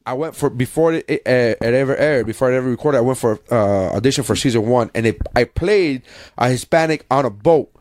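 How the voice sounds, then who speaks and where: A man's voice: mid-range voice, fairly quick, darkish tone, no echo, clean studio sound. A man hosting a casual podcast, telling stories in a rambling way with frequent swearing and restarts.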